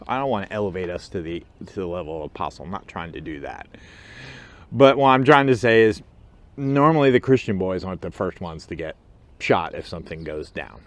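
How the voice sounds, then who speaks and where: A man hosting his own channel, telling a story in a casual, animated way and acting out the other people in it. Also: on the low side, a little fast, dry recording. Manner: animated storyteller who acts out quotes and chuckles. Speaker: motorcycle club officer and channel host.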